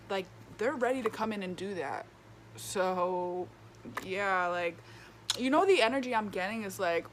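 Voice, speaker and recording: A woman gives a relaxed tarot reading with a retainer in her mouth. Her pitch sits mid-range for a woman, and she talks in a loose, chatty way full of "like" and "okay?". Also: normal speed, slight background noise. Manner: chatty, filler-heavy, keeps checking in with "okay?". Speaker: tarot reader. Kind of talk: casual tarot reading to camera.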